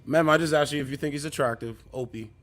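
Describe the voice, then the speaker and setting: A man's voice: on the high side, quick pace, a bit bright. A man hosting a livestream, needling a caller with mocking, repeated questions. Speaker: livestream host. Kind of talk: confrontational livestream talk.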